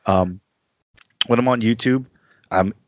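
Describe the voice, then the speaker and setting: A man chatting casually as a guest on a podcast, easygoing and quick to laugh at himself. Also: on the low side, no room sound.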